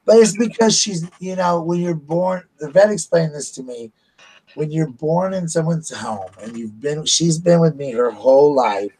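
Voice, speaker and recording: Husky-voiced man telling stories. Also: fairly high pitch, normal speed, a little mellow, low-quality recording. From United States. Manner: chatty, laughs at his own stories. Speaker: vlogger. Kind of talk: casual storytelling.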